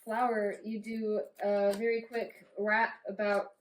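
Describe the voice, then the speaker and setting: A woman's voice: medium pitch, little pitch movement, slow pace, slight background noise. A woman co-hosting a casual comedic cooking chat at home, teasing and encouraging her friend. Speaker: co-host friend.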